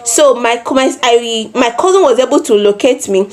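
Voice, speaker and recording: A Nigerian woman in her twenties telling a personal story in a vlog, animated, with repeated phrases and acted-out quotes. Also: a little high, normal speed. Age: 20s. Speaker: vlogger.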